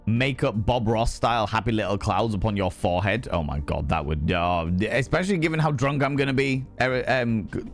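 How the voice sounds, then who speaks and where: A young British man streaming, chatting casually with his audience in a rambling, animated way and reading out chat messages. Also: on the low side, a little fast, soft background music. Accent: British English. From United Kingdom. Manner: rambling, animated, swears freely, reads chat aloud. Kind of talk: casual chat with chat while gaming.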